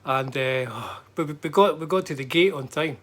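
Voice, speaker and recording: A middle-aged Scottish man, a guitar vlogger, chats casually about a trip in a slightly high, fairly bright voice at normal speed. He rambles, using lots of fillers and restarting his sentences.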